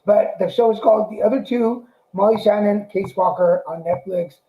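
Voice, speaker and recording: A man co-hosting a casual show, calmly recommending a series, a little hesitant, with fillers. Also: sits high, normal speed, roomy sound, narrow, tinny audio, a little hiss or hum. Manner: relaxed, slightly hesitant with fillers. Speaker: podcast co-host.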